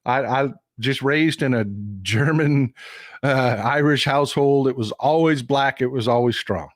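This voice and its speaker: A man's voice: medium pitch, a little slow, dry recording, studio quality. A man hosting a live stream, chatting casually with viewers, laughing often and reading their comments aloud. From United States.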